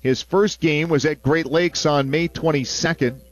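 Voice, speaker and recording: A man calling a baseball game on the radio, mixing play-by-play with relaxed, chatty asides between pitches. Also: unhurried, no room sound. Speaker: play-by-play announcer.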